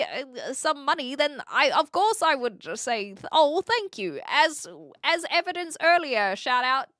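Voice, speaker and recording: A woman's voice: a little high, a bit bright, no room sound, studio quality. A woman from New Zealand in her twenties with a Kiwi accent, chatting casually on a live stream and answering her chat, often laughing.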